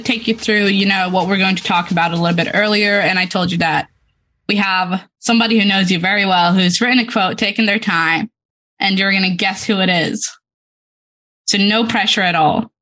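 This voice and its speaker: A woman's voice: medium pitch, fairly even intonation, moderate pace, bright, forceful tone. Female interviewer, casual, friendly, laughs easily, faint music. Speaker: podcast host.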